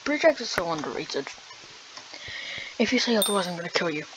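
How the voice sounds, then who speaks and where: A woman's voice: lowish voice, sing-song, fairly quick. Young woman whining through a game. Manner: dramatic, whiny, swings between loud outbursts and mumbling. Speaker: gamer. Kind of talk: casual gameplay commentary. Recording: noisy background.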